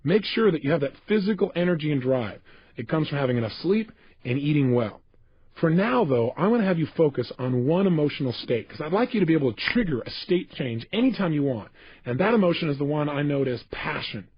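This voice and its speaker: A man's voice: a little high, expressive, brisk, husky. A man speaking as a motivational speaker on a recorded self-help tape, passionate and emphatic, addressing the listener directly. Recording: dull lo-fi tape.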